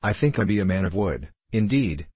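A man's voice: lowish voice, lively intonation, fairly quick, darkish tone, husky, no room sound. A man reading the part of a bold young forester who speaks bluntly and boastfully in archaic words.

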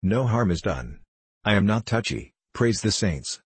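A man voicing a bold young forester lad from an old adventure tale, blunt and boastful. His voice is low and husky, recorded dry and close. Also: sing-song, measured pace, no echo, full character voice. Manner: blunt, boastful, archaic speech.

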